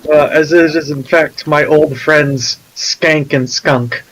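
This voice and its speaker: High-voiced joking male player. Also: fairly even intonation, slow, fairly bright tone, rough recording. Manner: hesitant, joking, many fillers. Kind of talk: casual tabletop game play.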